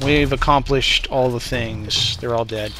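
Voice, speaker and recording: A man's voice: medium pitch, steady tone, unhurried, pushed and bright, slight background noise, poor audio. A man co-hosting a let's play, muttering to himself as he plays. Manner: mutters to himself while playing. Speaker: co-host playing the game.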